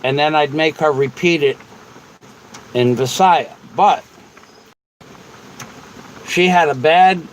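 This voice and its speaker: A man's voice: on the high side, slow, pauses often, slight background noise, rough recording. A man hosting a casual livestream, rambling and repeating himself as he answers viewers. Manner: rambling and repetitive. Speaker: livestream host.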